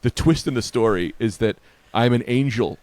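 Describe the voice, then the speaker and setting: A comedian on a podcast, telling a story in casual chat and acting out the other people in it. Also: male voice, medium pitch, normal speed, a little mellow, dry recording. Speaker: comedian guest.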